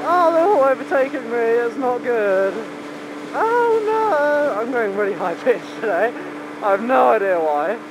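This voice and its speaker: High-pitched British man shouting over wind. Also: animated, normal speed. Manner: shouting over wind, jokey, urging his bike on. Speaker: vlogger. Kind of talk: casual chat while riding. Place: outdoors, riding a motorbike on a dual carriageway. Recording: loud wind and traffic noise.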